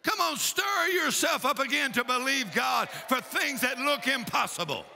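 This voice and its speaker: A man preaching a fiery sermon, shouting and exhorting with repeated rallying calls. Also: very high voice, animated, moderate pace, gravelly. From Texas. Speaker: pastor. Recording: reverberant church hall.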